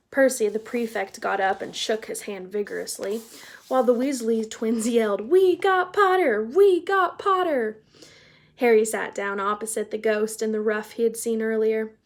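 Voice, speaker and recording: A woman reading a children's novel aloud in a casual, chatty way, pausing to explain words for young listeners. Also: mid-range voice, a little mellow. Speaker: read-aloud narrator.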